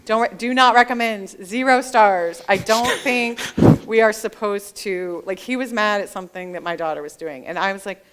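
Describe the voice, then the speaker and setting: A woman with a smooth, clear voice, sitting in for an author interview at a library event. She talks in an animated, storytelling way and keeps slipping into the voices of people she quotes. Her pitch sits in an ordinary middle range. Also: moderate pace, hardly any pauses. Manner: animated storyteller who acts out quoted dialogue. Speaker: author guest.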